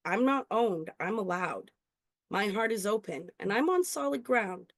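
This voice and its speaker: A woman performing her own spoken-word poetry at an open mic, earnest and intimate, slowing on key lines. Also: medium pitch, lively intonation, no room sound, studio quality. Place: indoor open mic venue.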